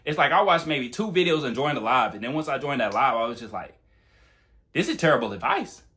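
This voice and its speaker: A young man talking fast and bluntly, with plenty of swearing, in a casual monologue giving dating advice on his channel. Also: medium pitch, sharp tone. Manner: blunt, profane, talks fast.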